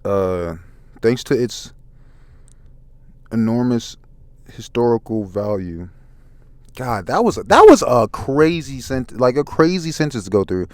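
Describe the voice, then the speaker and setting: A man in a soft-spoken ASMR comic review, reading haltingly, stumbling over words and apologizing. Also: mid-range voice, lively intonation, dry recording. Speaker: ASMR manga reader.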